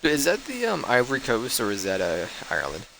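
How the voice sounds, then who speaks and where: A man's voice: medium pitch, huge pitch swings, brisk, vocal fry, slight background noise, low-quality recording. A man streaming a game live, chatting casually and rambling, stumbling over words and laughing at his own mistakes. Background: loud game music.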